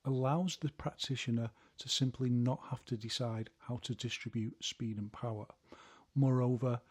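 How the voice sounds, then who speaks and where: A man's voice: medium pitch, husky. A man teaching a martial art, explaining punch combinations step by step and counting out their rhythms. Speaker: martial arts instructor. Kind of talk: instructional video narration.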